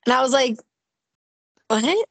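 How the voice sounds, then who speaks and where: Chatty high-voiced woman, dry sound. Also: fairly quick, no echo. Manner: chatty, frequent "like" fillers, swears freely. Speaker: podcast co-host. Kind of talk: casual chat.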